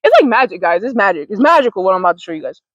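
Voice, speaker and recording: A woman's voice: medium pitch, sing-song, rapid-fire, no echo, muffled recording. A woman hosting a wellness show, talking casually and rambling, repeating words, laughing often and swearing now and then. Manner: informal, slangy, occasional swearing. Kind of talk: casual talking-to-camera monologue.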